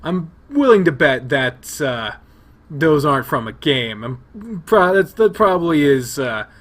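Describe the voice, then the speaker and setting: Excitable man reacting, lively pitch. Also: measured pace. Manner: excitable, swearing, rambling asides. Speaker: let's play host. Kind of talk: visual novel reading with reactions.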